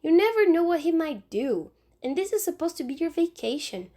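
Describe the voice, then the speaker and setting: A woman's voice: very high voice, very animated, normal speed, mellow, pitched above the performer's own voice. A woman reading aloud and voicing a bossy, self-assured young girl who insists on being in charge. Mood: persuasive. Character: bossy know-it-all young girl babysitter.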